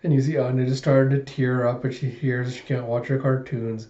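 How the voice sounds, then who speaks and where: A man's voice: mid-range voice, a little fast. Man animatedly retelling a manga. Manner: animated retelling, laughing along. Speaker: manga reviewer. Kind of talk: casual manga reaction review. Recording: echoey room, dull sound.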